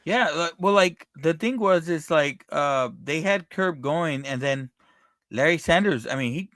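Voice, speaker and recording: A man's voice: fairly high pitch, lively intonation, unhurried, a bit bright, no room sound. Male podcast host; easygoing casual chat, dry recording. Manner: easygoing, short affirmations.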